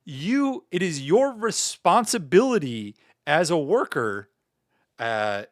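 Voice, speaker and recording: A man talking casually on a livestream, his fairly high voice swinging up and down a lot. He rambles and jokes as he rants. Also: big pitch swings, normal speed. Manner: joking, rambling, tacking "meow" onto sentences. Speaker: streamer.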